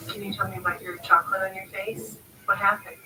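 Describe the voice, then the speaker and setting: A woman's voice: medium pitch, little pitch movement, quick pace. A woman filming a child at home, asking teasing questions. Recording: noisy, echoey home video from far off.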